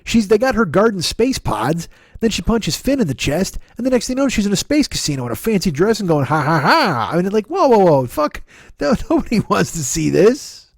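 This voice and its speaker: Profane ranting comic, slightly high voice. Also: male voice, sing-song, a little fast, creaky, darkish tone, dry recording, studio quality. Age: 40s. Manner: profane, ranting, with frequent laughs and restarts. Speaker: podcast host. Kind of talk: comedy podcast monologue.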